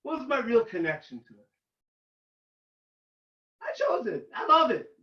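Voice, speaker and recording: Excitable rabbi in a roomy hall. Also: male voice, extremely high pitch, unhurried. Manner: excitable, shouts and cracks when reliving a game. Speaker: rabbi giving a talk to students. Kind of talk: animated informal talk. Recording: roomy, distant, dull lo-fi sound.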